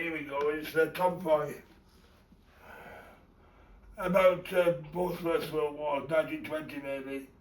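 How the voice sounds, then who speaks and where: A man presenting an old record, speaking casually and hesitantly with many pauses and ums. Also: fairly high pitch, distant mic. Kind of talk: casual spoken introduction. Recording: roomy sound from away from the mic.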